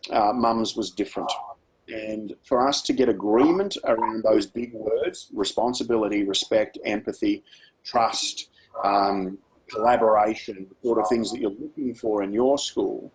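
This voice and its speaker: A man's voice: lowish voice, breathy edge, rough recording. A man with an Australian accent leading a workshop for teachers, speaking in a conversational, practical way and using personal stories. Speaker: education speaker.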